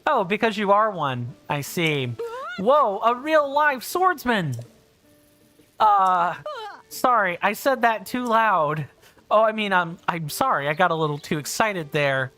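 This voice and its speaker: Game figure: earnest, excitable young swordsman-to-be boy, read aloud by a woman streamer, game music faint behind. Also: on the low side, unhurried. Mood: eager.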